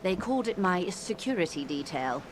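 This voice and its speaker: A poised, formal negotiator. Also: female voice, lowish voice, sing-song, background noise. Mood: composed. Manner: measured, polite and formal. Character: composed, formal woman negotiator. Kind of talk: video game voice acting.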